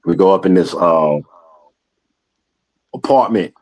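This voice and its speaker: A man's voice: low voice, expressive, takes it slowly, a little mellow, no room sound, rough recording. A man, a rapper on as a guest, telling a story in a laid-back, slangy way with lots of fillers. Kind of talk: casual storytelling in a conversation.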